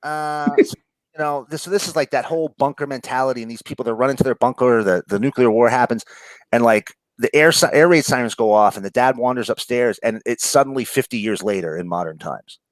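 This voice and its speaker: A man with a New York accent talks about comic books in a loose, rambling way, full of "uh"s, swearing and quick laughs. His voice sits mid-range and sounds dry and close. He never follows a plan. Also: mid-range voice, dry recording, rough recording. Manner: rambling, profane, laughs often, many fillers. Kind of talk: casual chat.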